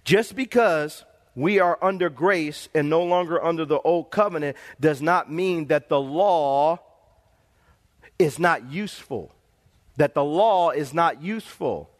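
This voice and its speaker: A man's voice: fairly high pitch, unhurried. A middle-aged male pastor preaching a sermon, telling stories animatedly and calling for amens.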